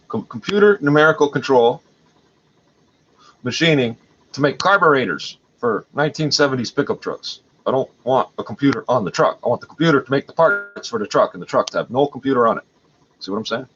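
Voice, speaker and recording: A man's voice: mid-range voice, fairly bright tone. Agitated man ranting on a livestream. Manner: agitated, profane, rambling. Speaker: livestream host. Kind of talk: rambling livestream monologue. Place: at home. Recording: dull lo-fi audio with faint noise.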